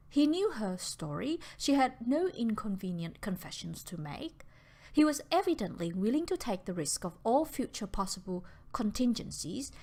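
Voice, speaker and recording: A woman reading a novel aloud as an audiobook narrator, soft and unhurried, often near a whisper. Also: medium pitch.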